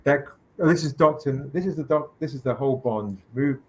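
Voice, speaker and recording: A man hosting a livestream, telling a story with lively quoted voices. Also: medium pitch, a little fast, husky. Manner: animated anecdote with quoted voices. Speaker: comic publisher hosting a livestream. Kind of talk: casual storytelling chat.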